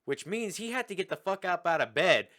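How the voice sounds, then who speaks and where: A man co-hosting a movie podcast, animated and joking, often breaking into laughter. His voice sits a little high and bright, and it swings lively up and down. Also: a little fast. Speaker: podcast co-host. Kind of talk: casual movie podcast chat.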